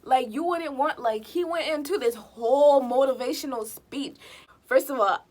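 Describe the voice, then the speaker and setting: A woman vlogger telling a personal story in a casual, slangy, animated way. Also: high-pitched, moderate pace. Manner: animated, slangy, acts out quotes of others.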